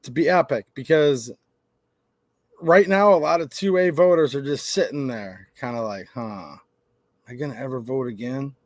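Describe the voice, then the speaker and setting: A man hosts a casual livestream and rants brashly to his chat. His voice sits fairly high, and the recording is dry and close. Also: no echo. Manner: brash, ranting. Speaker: host.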